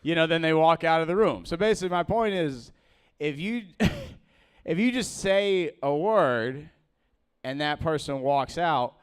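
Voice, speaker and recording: A young man doing a rambling, halting open-mic stand-up set, full of fillers and restarts, laughing at his own jokes. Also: on the high side, animated, smooth. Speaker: stand-up comedian.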